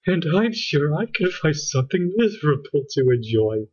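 A man voicing a tearful, miserable girl in a soft, higher voice, on a dull lo-fi recording. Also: sing-song, normal speed, slightly rough. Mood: sad. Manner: weepy, soft and high.

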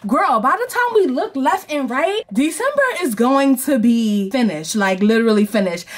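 Holding a camera as she moves through a crowded store, a young vlogger talks to her viewers in a casual, slangy way. Her voice is high, with lively intonation and a normal speed, over the store's crowd noise.

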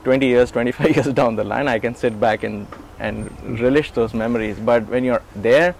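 Man in his forties, animated storyteller. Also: mid-range voice, moderate pace, gravelly, a little hiss or hum. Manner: animated, acts out quoted dialogue; frequent restarts and chuckles. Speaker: interviewee. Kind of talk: storytelling recollection.

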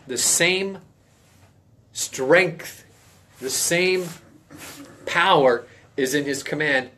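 A man teaching a casual Bible study in a folksy, emphatic way, now and then stressing phrases loudly. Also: on the high side.

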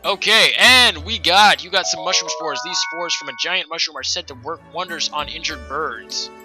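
A man's voice: on the high side, moderate pace, over music, poor audio. A man giving casual let's play commentary, rambling and correcting himself as he chats. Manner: rambling, self-correcting, chatty.

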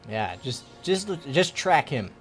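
A man's voice: medium pitch, sing-song, takes it slowly, faint music behind. A young man giving casual, joking commentary while playing a video game, swearing often and taunting the enemies on screen. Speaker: gaming video host.

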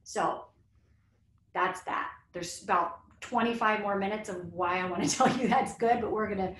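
Speaking at normal speed in a mid-range, fairly bright voice, a woman gives guided yoga instruction in a webinar, walking children through a breathing exercise. Her manner is soothing and encouraging toward kids and teachers alike, and the audio has a roomy echo and slight hiss or hum.

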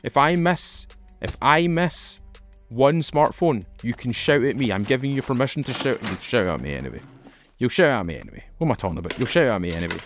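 A man's voice: mid-range voice, brisk, a little hiss or hum. A Scottish man playing a survival game, chatting playfully with viewers and joking as he plays. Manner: jokey, excitable, talks to viewers. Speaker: gaming video host. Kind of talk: playful let's-play commentary.

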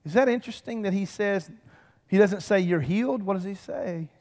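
A man, preaching a lively, conversational sermon with humor and calls to the congregation. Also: sits high, moderate pace. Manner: animated, conversational preaching with humor and audience call-outs. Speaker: pastor. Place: church sanctuary. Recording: church hall reverb.

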